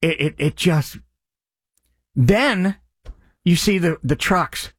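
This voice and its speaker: A man's voice: high voice, slow, dry recording, studio quality. A man hosting a radio charity appeal, speaking in an earnest, impassioned way. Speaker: radio host.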